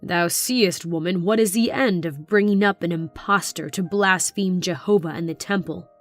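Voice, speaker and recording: A woman's voice: lowish voice, faint music behind, lightly acted. A woman reading aloud, voicing a fierce man who speaks in a harsh, scornful and savage tone. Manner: harsh, scornful, slow and loud.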